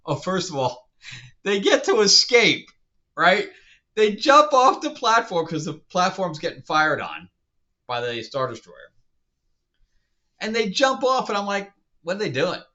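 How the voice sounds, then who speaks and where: A man's voice: high-pitched, pushed and bright. A man reviewing a TV show in a casual rant, sounding incredulous and exasperated and often laughing. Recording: dull lo-fi sound.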